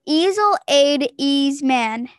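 High-voiced giggly woman podcast host. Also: no room sound, clean studio sound. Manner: giggly, quick bursts of excited chatter. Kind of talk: casual chat. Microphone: Zoom call.

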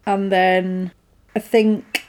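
A woman's voice: mid-range voice, drawn-out words. A woman recapping a horror film in casual chat, acting out characters' lines as she goes. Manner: animated retelling with quoted voices.

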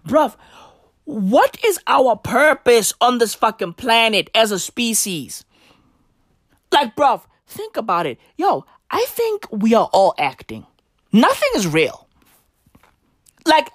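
A woman's voice: medium pitch, dry recording, clean studio sound. A woman doing a rambling, profane comic monologue in a slangy dude persona.

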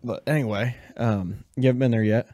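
A man's voice: medium pitch, fairly even intonation, brisk, mellow, dry recording. Joking young man, dry close sound. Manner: joking, playful banter. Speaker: podcast co-host. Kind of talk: casual chat.

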